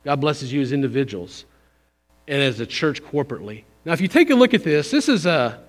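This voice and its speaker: A man giving a conversational, folksy missions sermon in a church, pushing up for emphasis and then dropping low. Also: very animated, fairly quick. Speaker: visiting missions speaker. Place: church sanctuary. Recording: long hall reverb.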